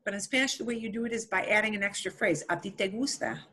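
A woman's voice: medium pitch, fast talker, pushed and bright, husky. A woman teaching a beginner Spanish class, explaining patiently with playful comparisons.

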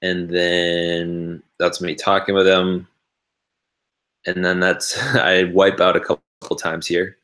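A man's voice: low voice, level tone, slow pace, a bit bright. A man casually talking through his video editing on a livestream, rambling and reading viewers' chat comments aloud.

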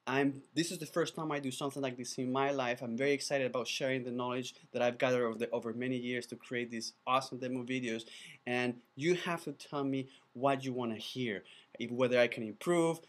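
A man who is not a native English speaker, pitching his video course in an enthusiastic, chatty way, often restarting his words. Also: fairly even intonation, brisk. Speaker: animated video producer teaching a course. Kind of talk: casual course pitch to camera.

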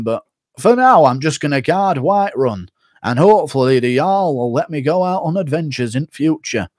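A man's voice: on the high side, darkish tone, no room sound, clean studio sound. A man putting on a solemn fantasy guard NPC. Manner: slow, solemn fantasy quest-giver delivery. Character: medieval game guard NPC, male, earnest.

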